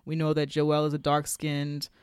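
A woman's voice: deep voice, monotone, normal speed, darkish tone, clear, resonant tone, dry recording, studio quality. A woman co-hosting a podcast, chatting casually and animatedly, acting out the characters' lines as she retells scenes. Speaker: podcast co-host. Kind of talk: casual review chat.

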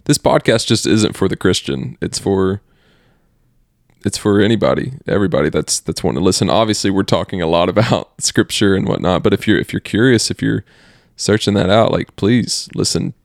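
A man co-hosting a podcast, upbeat and chummy, asking questions in a relaxed, casual way. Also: low-pitched, fairly quick, gravelly, no room sound, studio quality. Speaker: podcast co-host. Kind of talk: casual faith discussion.

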